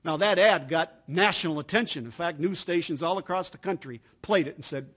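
Middle-aged American man, corporate trainer, emphatic storyteller, fairly high voice. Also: brisk, hardly any pauses, fairly bright tone. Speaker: business trainer. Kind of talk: business training talk.

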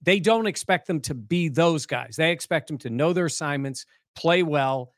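A man co-hosting a sports talk show, breaking down the game in casual, animated conversation. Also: fairly high pitch, normal speed, no echo, studio quality.

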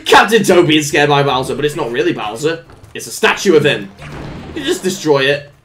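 A let's play commentator giving casual gameplay commentary, humming little made-up tunes, cooing at the game characters like pets and letting out sudden excited yelps and laughs. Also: medium pitch, fairly quick, soft background music. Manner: hums little made-up tunes while playing.

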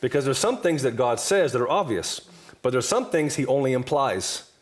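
A man's voice: medium pitch, lively intonation, normal speed. Emphatic preacher man in his fifties. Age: 50s. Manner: emphatic, repetitive sermon cadence. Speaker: guest minister and prophet. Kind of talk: preaching-style table talk.

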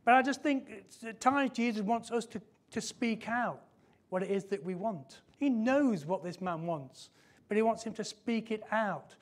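A high-pitched man delivers a sermon in a church. He speaks emphatically, repeats his key phrases and slows down to press a point home. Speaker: preacher.

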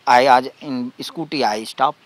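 A man, a spiritual teacher, giving a satsang talk and telling a story in halting, broken English full of restarts. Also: mid-range voice. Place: outdoor gathering spot.

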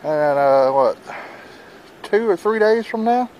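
A man's voice: high voice, animated, takes it slowly, darkish tone, slight background noise, rough recording. A man talking casually to viewers on a phone camera outdoors in his yard, folksy and rambling, a bit out of breath. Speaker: vlogger. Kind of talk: casual vlog narration.

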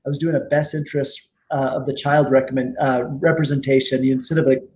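A middle-aged man being interviewed as a guest, telling stories in a relaxed, rambling way, with many fillers and restarts. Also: medium pitch, brisk, slight background noise. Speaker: guest attorney and tribal judge. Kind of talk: casual interview storytelling.

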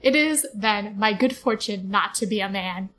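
A woman's voice: medium pitch, lively intonation, moderate pace, a bit bright, lightly acted. A woman voicing a brave, honorable male talking mouse, speaking in a formal, indignant way. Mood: proud. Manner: indignant, formal, grandly outraged. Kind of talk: reading a book aloud on a podcast.

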